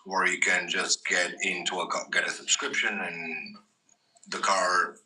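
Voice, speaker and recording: A man's voice: low voice, flat delivery, sharp tone, far from the mic, low-quality recording. A man on a livestream, joking and offering to do accents. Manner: joking, quick to drop into voices. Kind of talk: casual livestream chat.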